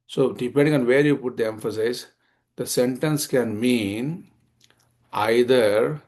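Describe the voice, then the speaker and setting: A man's voice: mid-range voice, darkish tone. Man teaching and chanting scripture verses. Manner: chants Sanskrit verses slowly, then explains in plain English with many fillers. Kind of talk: scripture class explanation.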